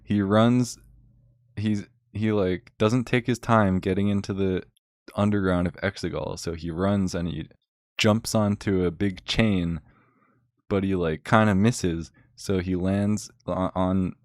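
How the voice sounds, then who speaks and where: Sarcastic rambling low-voiced young man. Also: steady tone, takes it slowly, darkish tone, no echo, clean studio sound. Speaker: vlogger. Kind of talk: casual rant recapping a film.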